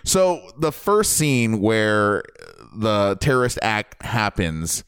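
A man on a casual podcast, giving an animated, opinionated spoiler review of a movie. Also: on the low side, slow, smooth, no room sound, clean studio sound. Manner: animated, opinionated, jumps between points. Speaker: podcast host reviewing a film.

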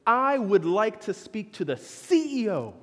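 A man's voice: high voice, sing-song, a little slow, long reverb tail, voice pushed up, full character voice. A man voicing an irate, entitled male theme park guest who demands to speak to the boss. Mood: demanding. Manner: demanding, shouting.

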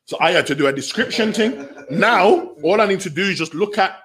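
A man, speaking as a researcher guest in an animated conversation, full of slang and acting out the voices of people he quotes. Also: sits high, fairly quick. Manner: slangy, acts out quoted voices, bursts into laughter. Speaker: youth violence researcher and guest.

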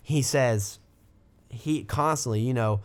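A man's voice: takes it slowly, smooth. Fervent man preaching informally. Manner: fervent, exclaiming, lifts pitch when quoting scripture; rambling with restarts and asides. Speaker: podcast host teaching the Bible. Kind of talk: informal sermon.

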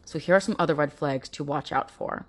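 Low-voiced woman hosting a podcast. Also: brisk. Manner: earnest and direct, acting out quoted abusers in mocking voices. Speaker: podcast host. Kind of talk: informative podcast talk.

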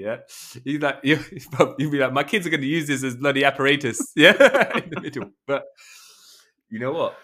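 Bright-voiced joking man. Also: lowish voice. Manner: joking, playful, mimics voices. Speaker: podcast co-host. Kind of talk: casual chat.

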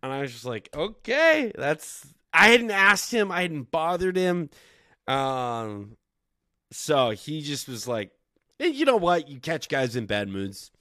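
A young man telling animated stories on a podcast, swearing freely and acting out the people he quotes. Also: mid-range voice, takes it slowly, no echo, studio quality. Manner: animated, swearing, quoting others in dialogue. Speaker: podcast guest. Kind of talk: casual storytelling.

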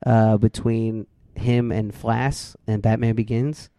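A man with a warm, mellow voice talks over a film in casual podcast chat, full of "like" fillers as he spins a story. The sound is dry and close, with no room around it. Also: on the low side, takes it slowly, no room sound. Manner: animated storyteller, lots of "like" fillers.

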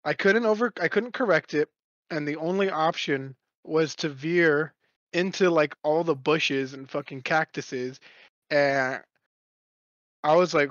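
A young man with a slightly high voice tells a long story in loose, rambling casual chat, swearing freely as he goes. The sound is dry and a little dull, like a lo-fi recording. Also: fairly bright tone, dry recording.

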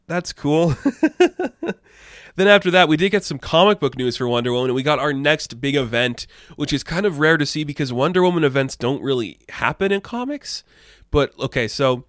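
A man's voice: mid-range voice, a bit bright, no room sound, studio quality. A man giving casual, opinionated comic book news commentary, rambling a little and laughing often. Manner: rambling asides. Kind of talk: casual pop-culture commentary.

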